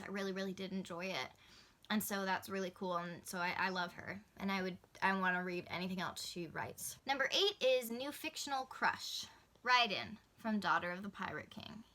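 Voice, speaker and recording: A young woman talks to camera in a bright, clear voice. She chats casually and gushes with enthusiasm, laughing easily as she goes. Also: mid-range voice. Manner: chatty, gushing, laughs easily. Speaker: book vlogger. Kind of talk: casual book talk to camera.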